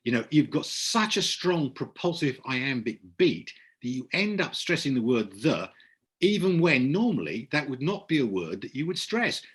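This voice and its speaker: Effusive male host, husky. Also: mid-range voice, sing-song, moderate pace. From Kent, England. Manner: effusive, full of praise. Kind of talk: hosting a poetry reading.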